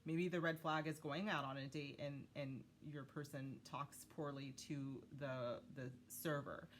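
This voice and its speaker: Low-voiced woman giving a chatty tarot reading. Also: steady tone, measured pace, slight background noise. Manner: chatty, many fillers, talks to spirit guides. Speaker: tarot reader. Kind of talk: casual tarot reading to viewers.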